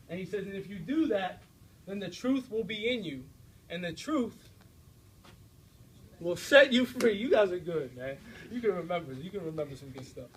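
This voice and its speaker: A young American man giving an energetic, direct faith talk to a student audience, often checking in with his listeners. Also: sits high, a little hiss or hum, rough recording. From United States. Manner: energetic, direct, preachy, with frequent checks like "all right?". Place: university room before an audience.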